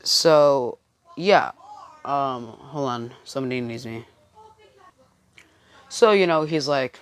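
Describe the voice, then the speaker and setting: Low-voiced woman rambling through a story. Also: slow pace, pauses often. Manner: rambling, heavy on fillers. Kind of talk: improvised fan-fiction storytelling.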